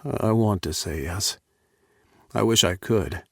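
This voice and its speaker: A man's voice: on the low side, slow pace, fairly bright tone, husky, no room sound, studio quality, exaggerated voice. A man voicing an upset young male writer who rants in frustration. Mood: dejected. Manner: rising and agitated, ranting.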